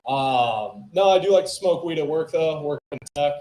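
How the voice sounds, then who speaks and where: Lively male comic riffing loosely. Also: fairly high pitch, moderate pace. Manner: loose, improvised crowd work. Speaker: open mic comedian. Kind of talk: stand-up set. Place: small comedy club stage. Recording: echoey club room.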